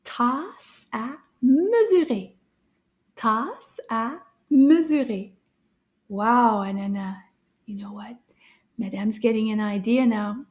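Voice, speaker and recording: A woman leads a children's language lesson in a high, bright voice. She talks slowly and cheerfully, sounding out each word clearly. She praises often and now and then drops into a hushed whisper. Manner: cheerful and encouraging, repeats words slowly and clearly. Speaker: French teacher for children.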